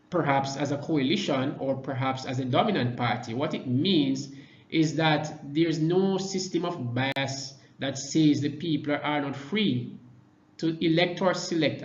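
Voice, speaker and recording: A man from Jamaica delivers a political talk at an unhurried pace, stressing key words with deliberate pauses. His voice sits a little high for a man and carries an echoey room sound on a dull, lo-fi recording. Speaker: party vice president speaking to supporters. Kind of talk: political presentation.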